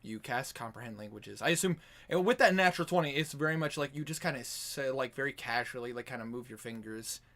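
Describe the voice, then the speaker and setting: A man acting as game master narrates a tabletop game over an online voice call. His mid-range voice is a bit bright and moves quickly with few pauses. The narration is loose and rambling, packed with "like," fillers and restarts.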